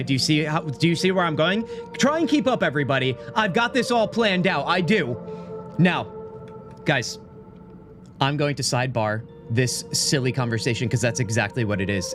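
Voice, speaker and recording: A man live-streaming a game, chatting with his viewers in an animated, mock-indignant, joking way into a desk microphone. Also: on the high side. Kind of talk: casual gaming live stream, talking to chat.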